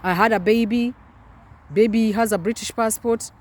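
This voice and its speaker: A woman's voice: a little high, steady tone, moderate pace. A woman in her forties, a doctor, giving an impassioned personal testimony with emphatic repetition. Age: 40s.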